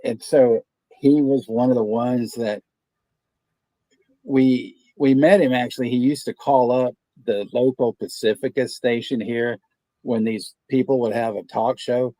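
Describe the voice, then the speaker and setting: A man's voice: mid-range voice, steady tone, unhurried, mellow, no room sound. A man hosting a movie watch party stream, chatting casually and telling stories in a laid-back, profane way. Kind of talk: casual chat.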